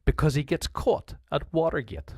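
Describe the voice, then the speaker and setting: A man's voice: a little high, lively intonation, moderate pace, darkish tone, dry recording. A man with a Northern Irish accent, a history teacher giving a conversational revision lecture who often restarts his sentences and acts out quotes.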